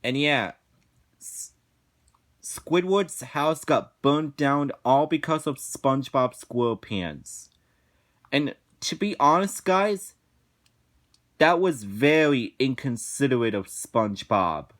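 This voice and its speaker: A man delivers a casual review rant at a deliberately slow pace. His voice sits in an ordinary middle pitch, and he often restarts his phrases and repeats himself, with bursts of swearing. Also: expressive, a bit bright. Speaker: episode reviewer.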